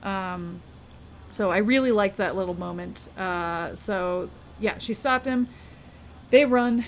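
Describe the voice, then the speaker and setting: Woman co-host, chatty storyteller, mid pitch, faint background noise. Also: takes it slowly. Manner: animated storyteller acting out characters' lines. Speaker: podcast co-host. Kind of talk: casual book discussion.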